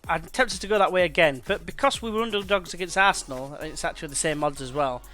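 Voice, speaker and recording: Young man, gameplay commentary, slangy, higher voice, bright sharp tone, soft music behind. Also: fast talker. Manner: chatty, slangy, commentates play-by-play. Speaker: let's play gamer.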